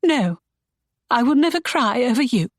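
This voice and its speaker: A woman's voice: on the high side, sing-song, unhurried, dry recording, clean studio sound, voice pushed up. A woman reading an audiobook, voicing a spirited young woman who protests in exasperation. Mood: indignant. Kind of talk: audiobook character voice.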